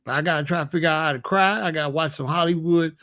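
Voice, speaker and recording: A man's voice: a little high, fast, sharp tone. A man hosting his own commentary channel, joking and bragging in a casual, streetwise rant.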